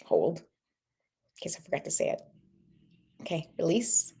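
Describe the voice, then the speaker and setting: A woman's voice: low-pitched, sing-song, moderate pace, vocal fry, warm tone, husky. A woman hosting a casual livestream, chatting with viewers and leading a guided breathing ritual in an encouraging way. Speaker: host.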